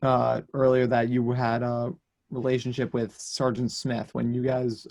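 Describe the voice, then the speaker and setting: A man interviewing a veteran, asking questions haltingly with restarts. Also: medium pitch, little pitch movement, vocal fry, a little mellow.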